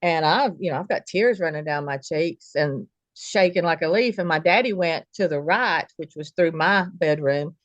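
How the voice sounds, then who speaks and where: A woman's voice: sits low, moderate pace, hardly any pauses, dry recording, dull audio. A woman telling a true personal story in a casual, folksy way, acting out the dialogue of the people in it. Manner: vivid, folksy retelling with quoted dialogue.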